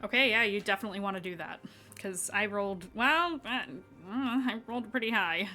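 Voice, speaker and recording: A woman running a tabletop game as dungeon master, with a bright, clear tone. She explains rulings and checks in with her players in a friendly, casual way. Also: medium pitch, a little fast, soft background music.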